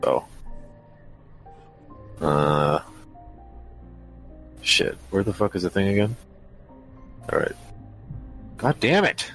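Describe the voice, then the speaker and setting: A man playing a tabletop game, gruff and quick to swear. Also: low-pitched, big pitch swings, a bit bright, soft background music. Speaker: player. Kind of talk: casual tabletop play.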